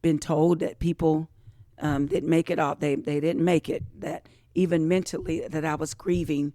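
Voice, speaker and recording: A woman with a deep, mellow voice speaks at a moderate pace in a level tone, recorded with studio quality and no room sound. She's a podcast guest telling a personal story with emotion, repeating phrases and acting out the voices of others.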